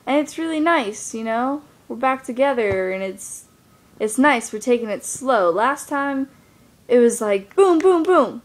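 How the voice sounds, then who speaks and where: In an unhurried, fairly high voice, a young woman tells her camera a personal story. She rambles casually and leans heavily on fillers such as "like" and "you know."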